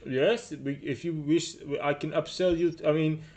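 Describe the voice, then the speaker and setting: A shrewd, businesslike female doctor in a tabletop game, speaking with a put-on Russian accent, as a man puts her on. She talks formally with many small hesitations, in a pitch that sits a little high and a dark, mellow tone. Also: steady tone, moderate pace, natural voice.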